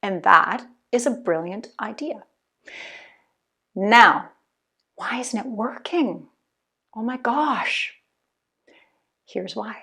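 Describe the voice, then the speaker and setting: A woman's voice: mid-range voice, animated, very slow, creaky, long pauses, pushed and bright, slightly rough. Woman podcast host, earnest coaching delivery, addresses the listener directly. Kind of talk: motivational podcast talk.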